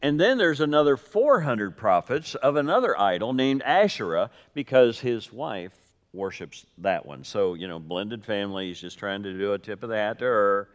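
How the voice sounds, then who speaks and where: Animated male preacher in a reverberant hall. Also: on the low side, normal speed. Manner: animated storytelling with quoted voices and dry jokes. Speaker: pastor. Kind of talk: sermon.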